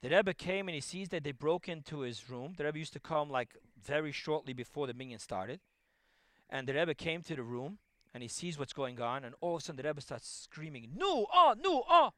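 Animated high-voiced man giving a Torah lecture. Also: dry recording. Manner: animated storytelling, swings from loud emphasis to hushed asides. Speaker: rabbi lecturer.

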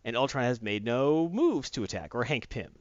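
A man chats through a comic book recap in a loose, rambling way. He keeps jumping into little acted-out lines as he goes. His mid-pitched voice comes through a dull, lo-fi recording with a dry sound. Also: normal speed, no room sound. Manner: rambling, animated storyteller who acts out quotes. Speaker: comic book podcast host. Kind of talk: casual comic recap chat.

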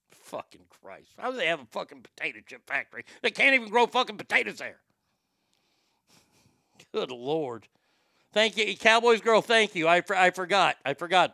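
Male host, profane rambling comic rant, tense bright voice, dry close sound. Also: high voice, expressive, normal speed, creaky, no echo, soft background music. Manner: crude, rambling, stammers and repeats words. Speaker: show host.

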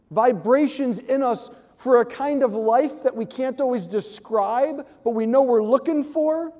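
A man giving an animated, joking talk to a live audience, acting out quick voices. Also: very high-pitched, in a large hall. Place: large hall with audience.

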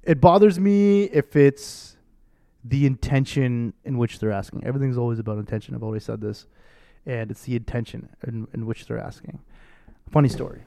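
A young man with a mellow, relaxed voice co-hosts a casual podcast. He tells stories in an animated way and swears freely. His pitch sits in the everyday middle. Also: normal speed, creaky. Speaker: podcast co-host.

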